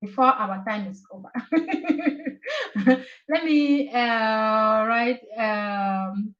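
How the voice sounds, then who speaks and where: A woman tutor on a live-stream lesson speaks at an unhurried, halting pace, filling pauses with "um" and "uh" while she writes. Her voice sits a little high, and she repeats each verb form carefully for her viewers. The audio is roomy and a bit dull, as if from a built-in mic. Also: fairly bright tone. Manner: slow and halting, with many fillers while writing; repeats Italian verb forms slowly and encourages viewers.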